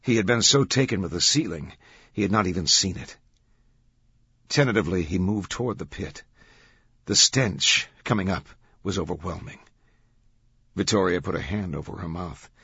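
A man narrating an audiobook in a measured, dramatic reading. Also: deep voice, lively intonation, pushed and bright, slightly rough, no echo. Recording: dull, dry studio sound.

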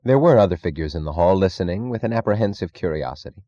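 A man narrating a novel in a measured, even storytelling manner. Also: deep voice, dull audio. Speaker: audiobook narrator. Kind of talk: scripted narration.

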